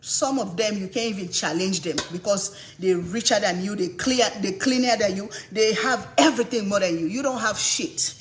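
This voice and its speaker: A woman's voice: medium pitch, normal speed, few pauses. Woman host from Africa, indignant livestream rant, repeats for emphasis; echoey room, light noise. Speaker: cooking channel host on a live stream.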